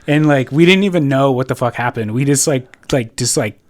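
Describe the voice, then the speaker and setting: On a casual podcast, this young Californian co-host tells a rambling, profane story packed with filler words. His mid-range voice moves fairly quickly, and the recording is dry and studio quality.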